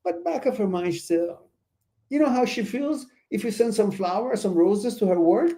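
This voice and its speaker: Emphatic man giving blunt relationship advice. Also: moderate pace. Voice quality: animated, emphatic, swings high when exclaiming. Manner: blunt and preachy, mixes in laughter and asides. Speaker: host answering viewer questions. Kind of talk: live stream Q&A, casual advice.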